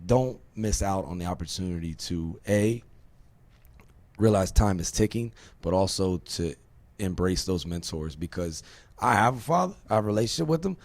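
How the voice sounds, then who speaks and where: A deep, darkish male voice, recorded with no room sound. He's a podcast host from Virginia in a casual conversation, talking emphatically and rambling, swearing and throwing out rhetorical questions.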